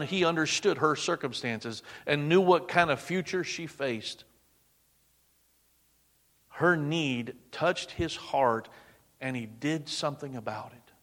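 A male preacher giving a dramatic sermon, dropping to a hush on quoted words. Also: a little high, long reverb tail.

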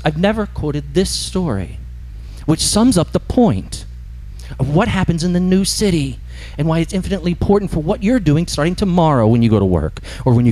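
A man preaching a sermon in an animated, emphatic storytelling manner. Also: a little high. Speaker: pastor.

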